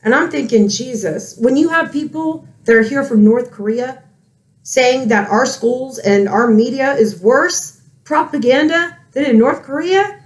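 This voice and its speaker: A woman's voice: high-pitched, measured pace. A woman with children, ranting angrily in a heated commentary, swearing often. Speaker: political commentary vlogger.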